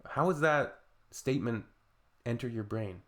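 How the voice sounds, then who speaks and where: A man's voice: medium pitch, animated, measured pace, fairly bright tone. A man hosting reaction commentary in a sarcastic, mocking way. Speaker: reaction video host.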